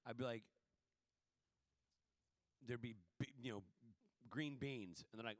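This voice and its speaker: A man from the American South, a panel guest and TV director, telling animated, joking stories in a casual convention Q&A. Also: medium pitch, a little slow, no room sound. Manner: animated storyteller, jokey, acts out voices. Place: convention hall stage.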